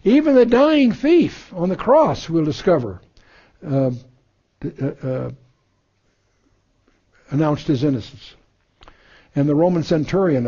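A man's voice: medium pitch, dark tone, slightly rough, muffled recording. A man giving a verse-by-verse Bible lesson, reading scripture aloud and then explaining it, with many fillers and restarts. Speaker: Bible teacher.

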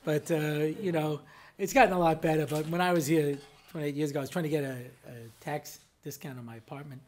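Speaking quickly in a fairly high, steady voice with a darkish tone, a middle-aged rabbi from the United States delivers a funny lecture. His anecdotes come out in a chatty flow, dotted throughout with "you know."

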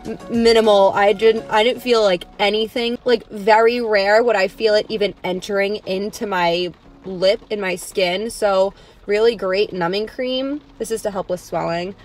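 A woman's voice: mid-range voice, fairly even intonation, normal speed, faint music behind. A young woman vlogging casually to camera from a car, chatty and emotional, full of "like" fillers.

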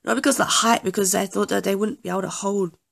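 Talking fast in a gravelly mid-range voice with fairly even intonation, a young gaming YouTuber chats casually while she plays. She's apologetic and chatty, often poking fun at herself.

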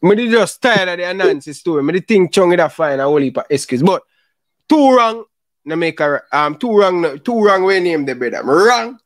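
A man's voice: high-pitched, lively intonation, a little fast, dry recording, studio quality. A man with a Jamaican accent hosting a football talk show, apologetic and laughing often, repeating "brother". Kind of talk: casual argumentative chat.

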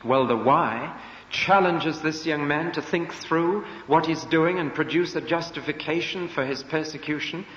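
A man's voice: on the high side, unhurried, a bit bright. Emphatic male preacher in an echoey church. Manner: emphatic, rhetorical questions, acts out quoted voices. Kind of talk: sermon. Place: church before a live congregation. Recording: echoey church hall, dull lo-fi.

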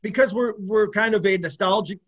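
A man's voice: high-pitched, brisk, fairly bright tone, husky. A middle-aged man, a guest musician, talking loosely in an interview with lots of restarts. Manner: rambling, with many restarts and laughs. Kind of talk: casual interview chat.

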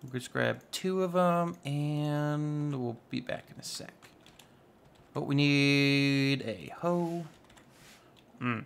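Chatty gravelly young man gaming. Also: fairly high pitch, takes it slowly, long pauses. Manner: chatty, rambling, playful asides. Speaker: Minecraft YouTuber. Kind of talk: casual gameplay commentary.

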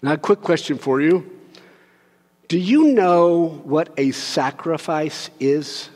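High-voiced pastor preaching in a reverberant hall. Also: male voice, lively intonation, slow pace. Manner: conversational and joking, swings from soft to loud pleading. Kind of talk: sermon. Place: church sanctuary.

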